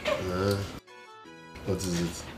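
A man's voice: low voice, level tone, drawn-out words, music in the background. An actor with a Nigerian accent playing a devoted, lovesick male palace cook who pleads and repeats himself. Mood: calm. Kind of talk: film drama acting.

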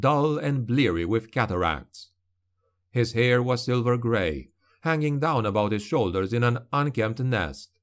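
A man narrating a dark fantasy novel as an audiobook, in a grave and deliberate manner. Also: medium pitch.

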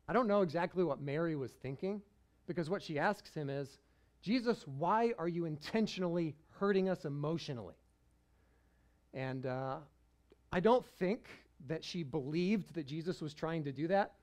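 A man's voice: fairly high pitch, a little mellow. A male pastor preaching a sermon in a conversational way, often chuckling.

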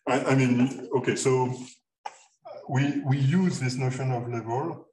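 A man's voice: mid-range voice, fairly even intonation, a little mellow. Man lecturing in an echoey hall. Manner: halting, many fillers and restarts. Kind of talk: math seminar lecture. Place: lecture room. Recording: echoey lecture hall, mic far off, noisy.

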